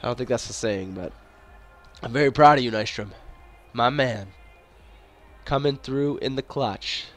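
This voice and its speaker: A young man giving profane let's-play commentary, excitable, yelling and swearing at the game, a bit congested and coughing. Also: medium pitch, a little slow, long pauses, faint music behind. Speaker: gaming YouTuber.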